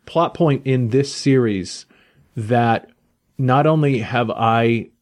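Male podcast host, mid-range voice, enthusiastic, animated storyteller, casual chat. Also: medium pitch, slow.

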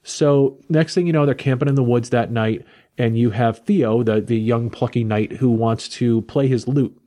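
A man's voice: medium pitch, fairly even intonation, moderate pace, dark tone. A man casually recapping a comic book plot in a rambling way, with frequent restarts.

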